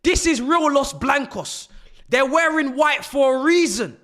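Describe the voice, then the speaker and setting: Animated, high-voiced fan ranting. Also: male voice, unhurried. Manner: exasperated ranting, mocking, often laughing. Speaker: football fan streamer. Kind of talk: live match watch-along commentary.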